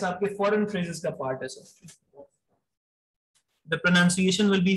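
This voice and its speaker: Guy teaching vocab, highish voice, brisk quizzing, says sir a lot, mixes in urdu. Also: a bit bright, low-quality recording. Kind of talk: live online class, quizzing students.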